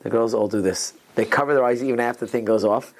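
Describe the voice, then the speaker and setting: A man's voice: medium pitch, steady tone, quick pace. A man teaching an informal Torah class to students, telling rambling stories sprinkled with Hebrew and Yiddish terms, often restarting his sentences. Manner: frequent restarts and asides.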